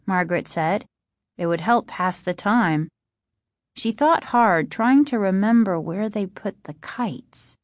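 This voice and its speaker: A woman reading a chapter book aloud as an audiobook narrator, with steady, even storytelling. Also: on the low side, a little slow, dry recording, clean studio sound. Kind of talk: scripted narration.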